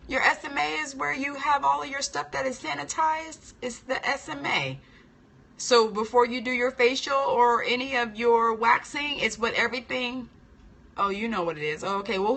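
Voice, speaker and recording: Bright-voiced woman chatting on a livestream. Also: fairly high pitch, unhurried. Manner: chatty and animated, reads and answers viewer comments; playful and expressive, laughs often. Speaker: esthetician and online trainer hosting a live chat. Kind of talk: casual live-stream chat with viewers.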